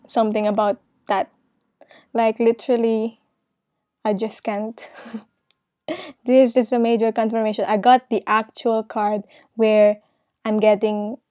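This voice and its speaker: Talking directly to the viewer, a woman with a mellow, medium-pitched voice does a casual tarot reading, laughing often, reassuring with "okay?" and nearly crying from emotion. There's no echo.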